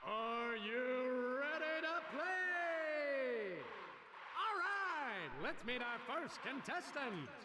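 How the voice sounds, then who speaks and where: An actor playing a hammy male game-show announcer in a video game, booming and showy. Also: very animated, drawn-out words, far from the mic, full character voice. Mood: hyped showman. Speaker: combat arena announcer. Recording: game audio under loud background noise.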